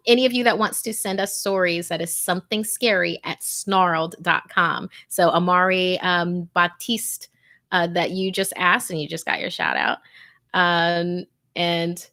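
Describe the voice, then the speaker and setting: A woman with a mid-range voice hosts a livestream, narrating a scary story in a hushed, tense tone that sinks into whispers. Afterward she chats casually with her viewers and laughs along with them.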